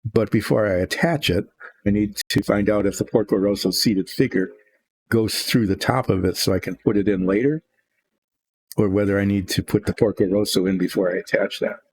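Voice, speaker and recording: An older miniature painter with a low, gravelly voice describes painting his model in a relaxed, rambling way at a fairly quick pace. He thinks out loud, drifts into musings, and restarts sentences.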